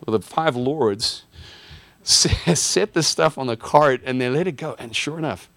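A man's voice: medium pitch, measured pace, a bit bright, no echo. A man teaching a casual Bible lesson from a map in an enthusiastic, chatty way, with fillers and restarts.

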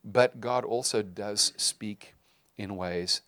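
Middle-aged male pastor, sermon delivery, conversational and halting, low voice, dry recording. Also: fairly bright tone, no room sound. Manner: conversational, with frequent fillers and restarts.

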